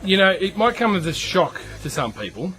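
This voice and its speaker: A man's voice: high-pitched, sing-song, moderate pace, pushed and bright. Chatty Australian man over game music. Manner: chatty, rambling, self-deprecating. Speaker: gaming YouTuber. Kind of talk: casual storytelling over gameplay.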